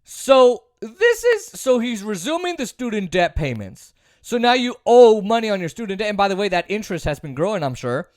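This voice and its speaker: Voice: mid-range voice, very animated, a little fast, no room sound. Snarky political commentator, voice swings all over, dry close sound. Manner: sarcastic, mocks opponents in put-on voices; emphatic, repeats points. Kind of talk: opinionated commentary monologue.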